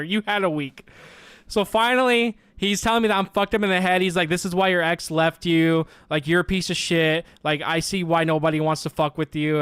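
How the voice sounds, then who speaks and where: A man's voice: on the high side, clean tone, no echo. A young man, a streamer, casually telling a story with lots of swearing and quoted back-and-forth dialogue. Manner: profane, animated retelling with quoted dialogue.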